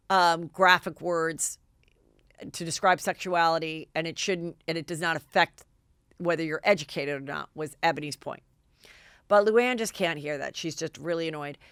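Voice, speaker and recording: Animated gossiping woman host, smooth and dry. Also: on the low side, no room sound. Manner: animated, acts out quotes in raised voices. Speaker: podcast host. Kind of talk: gossipy recap of reality TV.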